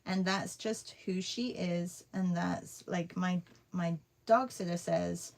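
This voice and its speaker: A woman's voice: fairly low pitch, fairly even intonation, slow, vocal fry, a little mellow. A woman who teaches art and vlogs tells a rambling, chatty story full of fillers while she paints.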